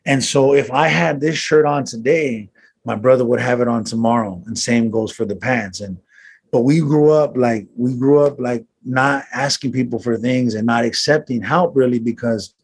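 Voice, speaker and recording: A man's voice: medium pitch, steady tone, normal speed, vocal fry, slightly rough. A man telling a personal story as an interview guest, earnest and reflective, with casual slang and frequent restarts.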